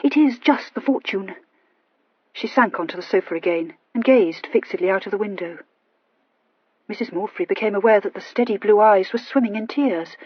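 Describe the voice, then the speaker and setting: A woman's voice: medium pitch, a little fast, breathy edge, no room sound, lo-fi sound. A woman narrating a novel expressively, voicing each of its characters. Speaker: audiobook narrator. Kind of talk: scripted narration.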